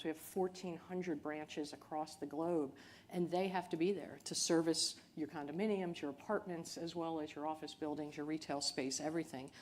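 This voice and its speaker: Woman exec on a panel, low pitch, earnest and measured, bit of room hum. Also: a little mellow. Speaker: company chief executive, panel guest. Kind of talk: panel discussion.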